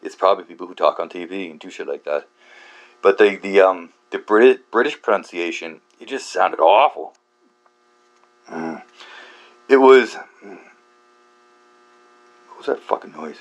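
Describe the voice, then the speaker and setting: Very low-voiced man rambling, halting. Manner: halting, many fillers and restarts, frequent swearing; self-deprecating, laughs at himself. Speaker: book channel host. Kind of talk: rambling casual monologue.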